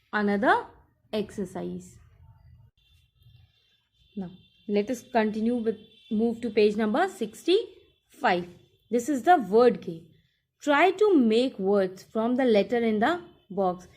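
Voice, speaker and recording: A woman teacher talks a class through a workbook lesson, repeating each instruction as she goes. Her voice sits fairly high, and she takes her time over every step. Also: a little mellow.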